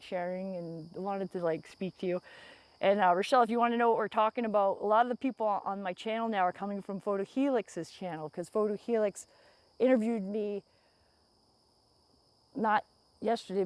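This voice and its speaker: Using a phone earbud as her microphone, an American woman runs a loose, casual livestream outdoors in the woods, laughing a lot and reading comments from viewers aloud. She speaks in a mid-range, slightly mellow voice, with no echo in the sound.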